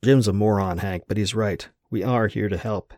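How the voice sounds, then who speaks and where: A man voicing a scornful male whiskey bottle spirit with a baritone voice, derisive and bossy. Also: moderate pace, darkish tone, dry recording, studio quality, lightly acted.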